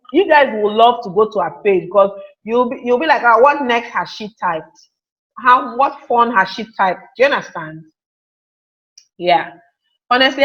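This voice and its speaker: A woman's voice: mid-range voice, a bit bright, highs cut off. A woman teaching a live online class, chatty, reading out and answering viewer comments. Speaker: webinar teacher.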